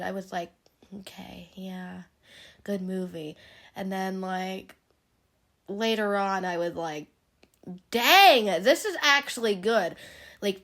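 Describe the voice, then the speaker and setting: Young woman, slightly hoarse from a cold, rambling casual vlog chat, giggly. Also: medium pitch. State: partly lost voice from being sick. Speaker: vlogger. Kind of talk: casual chat showing gifts. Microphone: handheld phone, no tripod.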